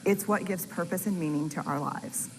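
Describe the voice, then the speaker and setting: A woman researcher speaks to an audience in a candid, self-deprecating storytelling manner. Her voice sits a little low. It carries long hall reverb with steady noise underneath. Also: moderate pace. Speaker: researcher and storyteller giving a talk. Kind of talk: public talk to an audience.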